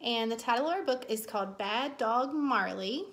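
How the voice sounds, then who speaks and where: A woman teacher reading a children's picture book aloud as a bedtime story, expressive and warm in delivery with voices for the characters. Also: on the high side, normal speed.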